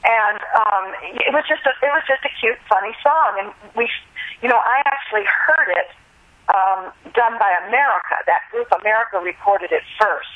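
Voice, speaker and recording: A woman's voice: on the high side, normal speed. An older woman from the American South, a singer being interviewed, telling stories in a chatty, reflective way and laughing easily. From US South, Alabama. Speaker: guest, singer. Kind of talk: relaxed phone interview storytelling. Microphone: telephone. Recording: tinny phone line.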